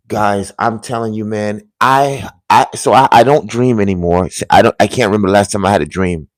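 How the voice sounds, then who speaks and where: Man with a lowish voice for an earnest, halting vlog story, dropping to a hush at the tense parts, dry close sound. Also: dry recording. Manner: earnest, halting, drops to a hushed voice at tense moments. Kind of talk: casual storytelling to viewers.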